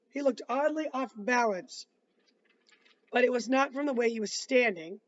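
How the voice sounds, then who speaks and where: A man's voice: very high voice, lively intonation, a little slow, a bit bright, muffled recording. A man reading a novel aloud, breaking off for casual asides and restarting words. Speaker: reader.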